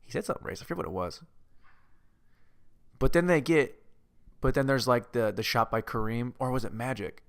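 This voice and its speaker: A man's voice: mid-range voice, animated, fairly quick, pauses often. A man hosting a comedy podcast, ranting about a movie in a rambling, self-mocking way and tripping over his words. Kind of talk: comedic movie-review rant.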